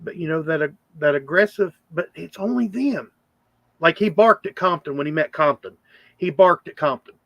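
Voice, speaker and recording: A man's voice: a little high, expressive, normal speed, a bit bright, no room sound, lo-fi sound. A man hosting a casual livestream chat, rambling with lots of fillers. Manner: rambling, chatty with frequent fillers. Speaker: channel host.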